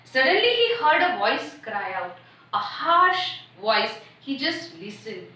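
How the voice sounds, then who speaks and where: A woman teacher with a high, bright voice walks her students through a storybook lesson. She stops often to explain and spell out new words. The sound is roomy and echoing, recorded from some distance off the mic. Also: big pitch swings. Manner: explains each word and spells it out slowly; acts out the story's voices with rising pitch. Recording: echoey room from far off the mic.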